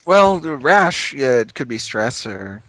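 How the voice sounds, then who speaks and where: A chatty male podcast co-host in an earnest, mock-doctorly mode. His pitch is extremely animated and his tone is bright. The sound is dry and close. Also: measured pace, dry recording. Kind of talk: casual chat.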